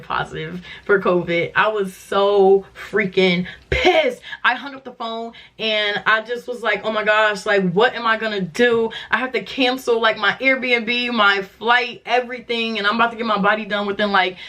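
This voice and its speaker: A woman's voice: medium pitch, bright, forceful tone. A young woman telling a personal story to camera in a chatty, dramatic vlog style, with lots of "like" fillers. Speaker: vlogger.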